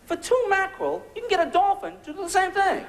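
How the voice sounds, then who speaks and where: Speaking fast in a very high, expressive voice over heavy background noise, a man performs sarcastic stand-up comedy. The US comedian fires punchy rhetorical questions at a laughing comedy club audience.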